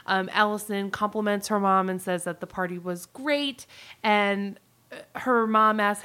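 A woman co-hosting a podcast, recapping a movie in casual, animated chat full of "like". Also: medium pitch, unhurried. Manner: animated storytelling, frequent "like", laughs easily. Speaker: podcast co-host.

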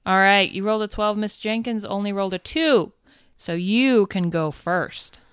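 A woman's voice: mid-range voice, normal speed, clear, resonant tone, no room sound, studio quality. A woman narrating a tabletop game as game master, playful and upbeat.

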